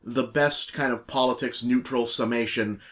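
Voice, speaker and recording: A man's voice: medium pitch, fairly even intonation, normal speed, fairly bright tone. A man co-hosting a podcast in casual chat, easygoing and often repeating words as he talks. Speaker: podcast co-host.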